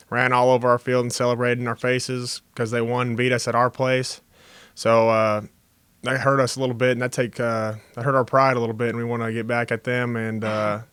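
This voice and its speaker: A young man from Texas, a college football defensive player, answering reporters' questions over a video call in a steady, earnest way with frequent fillers. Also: medium pitch, smooth, no echo. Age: young adult. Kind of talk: press conference answers.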